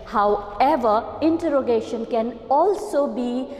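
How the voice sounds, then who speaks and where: A woman's voice: on the high side, unhurried, a little mellow. Indian woman lecturing in an echoey hall. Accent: Indian English. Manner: explanatory, repeats key terms, asks "okay?". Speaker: English lecturer. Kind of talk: grammar lecture.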